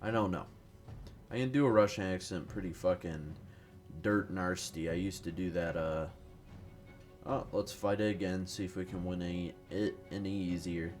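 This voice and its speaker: A gaming commentator speaks in a low, darkish voice at a moderate pace and a steady tone over faint background music. He's tired, without his morning caffeine, and rambles profanely and self-deprecatingly through a strategy game, groping for words.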